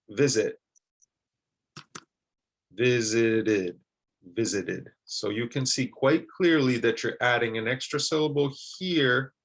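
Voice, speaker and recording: A man teaching English pronunciation, saying example words slowly and repeating them with care. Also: mid-range voice, fairly bright tone. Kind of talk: slow, deliberate pronunciation lesson.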